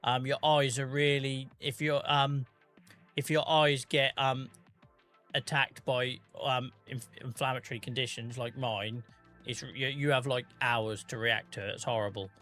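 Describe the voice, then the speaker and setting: Bright-voiced British man streaming a game. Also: mid-range voice, little pitch movement, unhurried, faint music behind. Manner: joking, teasing, swears freely. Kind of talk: casual live-stream chat.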